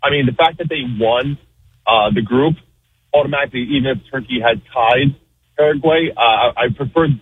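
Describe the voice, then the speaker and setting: A man's voice: medium pitch, a little fast. A man calling in to a radio talk show, talking earnestly with many fillers. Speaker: radio caller. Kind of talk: casual call-in chat. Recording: tinny phone line with faint noise.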